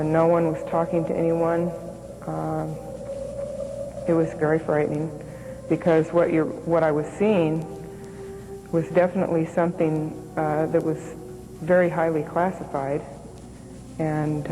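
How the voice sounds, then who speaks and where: Hesitant low-voiced woman giving testimony. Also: background noise. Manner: hesitant, halting, with many fillers. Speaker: former radar operator giving testimony. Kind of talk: documentary interview testimony. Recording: music underneath. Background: music.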